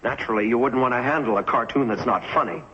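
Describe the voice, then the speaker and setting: A man's voice: medium pitch, fast, natural voice. An actor playing an irritable, self-pitying male cartoonist in an old TV drama, snapping bitterly at those around him. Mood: angry. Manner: bitter, snapping, shouts when angry. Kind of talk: 1950s TV drama acting. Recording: dull lo-fi old TV soundtrack with faint hiss.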